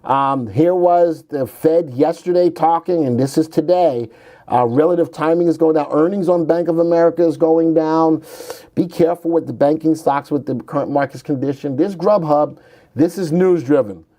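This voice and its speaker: A man's voice: a little high, moderate pace, mellow. Chatty man hosting a stock show. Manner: wisecracking, slips into silly put-on voices. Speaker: stock market show host. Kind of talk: casual market commentary.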